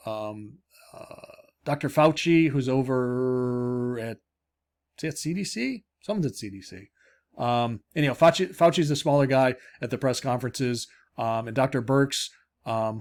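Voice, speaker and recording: A middle-aged man talks to his students from a room at home, a high school government teacher giving a casual update. His speech rambles with wry asides and restarts. His voice sits at an ordinary middle pitch. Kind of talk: casual recorded lesson update.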